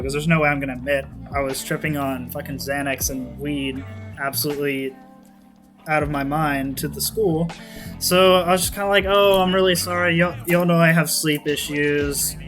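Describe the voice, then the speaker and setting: A young man in his late teens, rambling through a personal story to camera, swearing a lot and filling gaps with "kinda like.". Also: medium pitch. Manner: rambling, profane, lots of "kinda like" and fillers. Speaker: vlogger.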